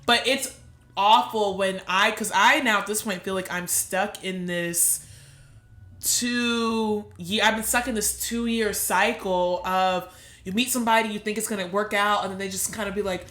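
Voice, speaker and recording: Bright-voiced candid young woman podcaster. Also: mid-range voice, fairly even intonation, moderate pace, roomy sound. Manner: emotional, swears freely, laughs through tears. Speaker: podcast co-host. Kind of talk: candid casual chat.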